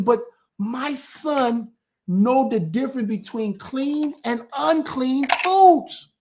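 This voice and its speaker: A man's voice: very high-pitched, slow. Chatty man checking in with "right?". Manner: animated, keeps checking in with "right?"; repetitive, stumbles and restarts. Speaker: church elder. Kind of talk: casual informal teaching.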